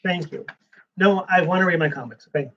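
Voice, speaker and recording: A man's voice: on the high side, brisk, a bit bright, highs cut off. A man giving rambling live-stream commentary while flipping through a comics preview magazine, with sarcastic asides.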